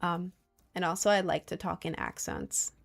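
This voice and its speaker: A woman's voice: lowish voice, wildly swooping pitch, moderate pace, vocal fry, faint music behind. A young adult woman streaming and chatting casually, reading viewer messages in a rambling way, with lots of fillers and frequent laughs.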